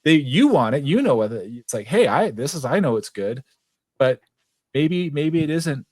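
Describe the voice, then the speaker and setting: A man's voice: on the high side, very animated, moderate pace, a little mellow, no room sound. A man hosting a business podcast, talking in a casual, affirming way, often restarting his sentences. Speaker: podcast host. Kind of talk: casual interview chat.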